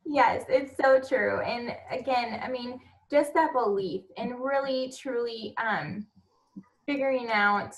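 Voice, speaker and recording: A mother speaking on a motivational coaching call, earnest and heartfelt, soft-spoken and chatty. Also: fairly high pitch, takes it slowly, poor audio.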